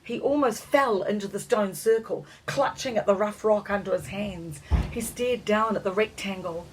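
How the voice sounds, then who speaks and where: A woman narrating a children's storybook in a measured, expressive reading voice. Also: medium pitch, slight background noise, rough recording.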